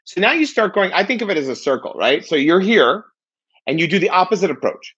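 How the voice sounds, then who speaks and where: Fast, animated husky-voiced man. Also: high voice, lo-fi sound. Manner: animated, fast, repeats "right?". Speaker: podcast guest. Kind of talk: casual chat.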